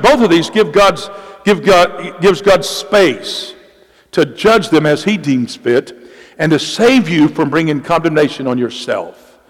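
A male pastor delivers a sermon with strong emphasis, repeating key phrases and slowing down to let them land. His high-pitched voice swings in lively ways, trailed by the long reverb of a church hall.

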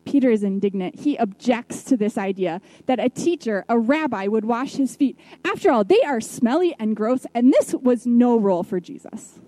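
Woman preacher, sermon storytelling, very mellow dark tone, dry close sound. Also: a little high, animated, normal speed, few pauses, dry recording, poor audio. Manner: reflective storytelling with soft hushed drops. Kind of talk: sermon retelling a Bible story.

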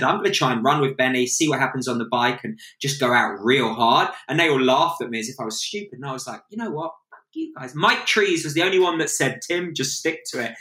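Casting: British male guest in his forties, animated storyteller, bright voice, roomy echoey sound. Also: medium pitch. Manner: laughing, animated storytelling with shouted asides. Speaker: podcast guest, athlete. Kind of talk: conversational interview. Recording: roomy echo.

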